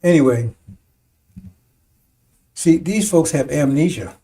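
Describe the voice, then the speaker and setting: High-voiced preacher, distant from the mic. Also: male voice, mellow. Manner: halting, repeats words, keeps asking "see?"; chuckles between points, turns emphatic at times. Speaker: preacher addressing a congregation. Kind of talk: rambling sermon-style commentary.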